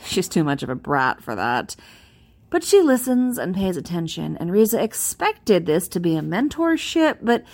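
A woman casually reading a fan-written post aloud, amused and expressive. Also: medium pitch. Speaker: reader.

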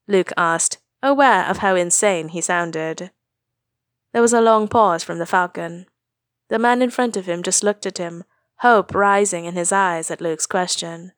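A woman narrating a fan fiction story aloud, reading in a brisk, expressive way. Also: on the low side, no room sound, studio quality.

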